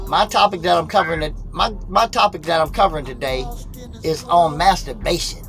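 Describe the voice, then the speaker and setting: A man's voice: fairly high pitch, brisk, vocal fry, a bit bright, faint music behind. A middle-aged man hosting a casual live call-in talk show, rambling in a preachy way. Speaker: host.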